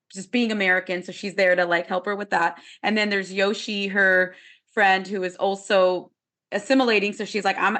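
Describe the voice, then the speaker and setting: A woman's voice: mid-range voice, fairly bright tone. Female podcast guest, earnest, reflective, casual, many "like" fillers.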